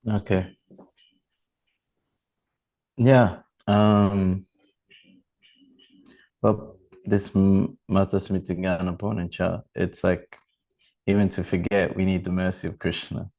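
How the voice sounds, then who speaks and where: A man's voice: deep voice, little pitch movement, slow, long pauses, mellow, rough recording. A man giving an informal religious talk and telling a long anecdote, rambling with many fillers and restarts. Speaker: temple speaker.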